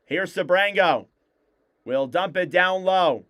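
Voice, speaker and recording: A man calling live hockey play-by-play on a fan stream, in rapid clipped play calls that rise on shots. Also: sits high, a bit bright. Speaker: play-by-play commentator.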